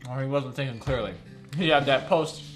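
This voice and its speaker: A man's voice: mid-range voice, a little fast, music in the background. A young man chatting casually on a live stream at his computer, rambling and often laughing.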